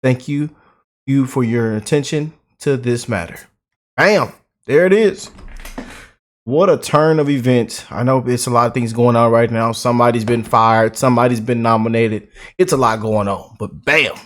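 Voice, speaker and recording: A man hosting his own channel, reacting to news clips in a hyped, casual way, with loud exclamations and catchphrases, greeting viewers as family. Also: medium pitch, fairly even intonation, moderate pace.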